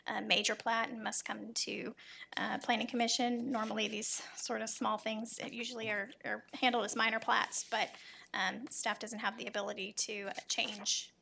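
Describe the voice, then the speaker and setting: A woman on city planning staff presenting a report at a public meeting, measured and full of ums. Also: on the high side, creaky, bright, forceful tone, slight background noise. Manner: measured, with frequent ums and uhs. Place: city council chamber.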